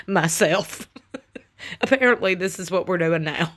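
A woman chatting to her viewers from home, telling stories in an animated way and laughing often. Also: on the low side, slow, long pauses. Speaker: YouTube host. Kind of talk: casual chat to viewers.

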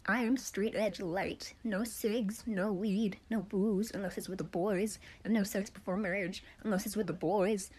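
A woman delivering short jokes in a dry, deadpan way. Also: mid-range voice, normal speed, hardly any pauses, slight background noise, rough recording. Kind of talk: deadpan joke reading.

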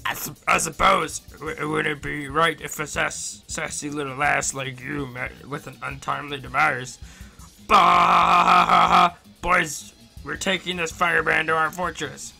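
A man voicing a blustering, pompous male villain commander in a video game, gruff and threatening as he barks orders. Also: fairly high pitch, steady tone, normal speed, bright, forceful tone, soft background music, exaggerated voice. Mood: menacing.

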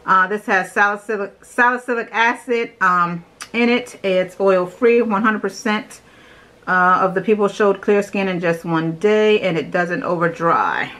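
In a casual demo, a young beauty vlogger walks through her morning skincare at home, talking eagerly as she goes. She speaks unhurriedly in a medium, fairly bright voice, captured on a rough recording.

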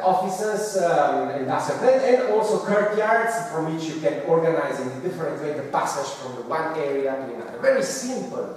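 A man giving an architecture lecture, halting and searching for words with many pauses. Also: on the high side, darkish tone, slight background noise. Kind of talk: academic talk with slides. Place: large hall. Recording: echoey hall recorded from far off.

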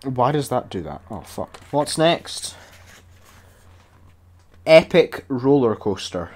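A young man giving sweary, excitable and sarcastic commentary while building in a video game. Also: mid-range voice, takes it slowly. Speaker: gaming YouTuber. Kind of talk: casual gameplay commentary.

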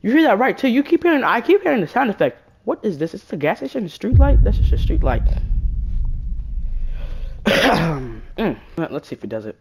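A woman's voice: mid-range voice, moderate pace, pauses often, noisy background. A woman giving casual horror-game commentary, jumpy and slangy, yelping at scares and muttering banter to viewers. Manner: animated, jumpy, shrieks at scares then mutters. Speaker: gaming YouTuber.

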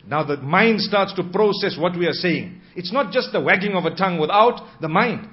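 A man with a fairly high voice delivers a sermon, measured and deliberate, drawing out key phrases. The recording is a little dull and lo-fi. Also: expressive. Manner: measured, slows for emphasis, acts out quoted spouses softly. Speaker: Islamic preacher.

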